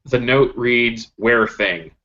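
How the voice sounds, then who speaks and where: A man's voice: mid-range voice, takes it slowly, pushed and bright. A man narrating a tabletop role-play as game master, laughing often and talking with many fillers. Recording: dull lo-fi mic with faint noise.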